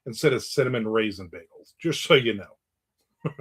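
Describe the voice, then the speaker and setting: A man's voice: fairly low pitch, lively intonation, measured pace, slight background noise. A middle-aged man hosting his own casual live show, chatting, telling everyday stories and joking with viewers. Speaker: host of a live video show. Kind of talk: casual chat reading viewer comments.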